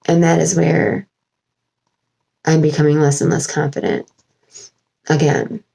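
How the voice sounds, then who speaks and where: A woman's voice: low voice, little pitch movement, a little slow, vocal fry, warm tone, husky, rough recording. A woman talking as a spiritual channeler in a rambling home vlog, wandering with many fillers and restarts. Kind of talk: casual spiritual vlog monologue.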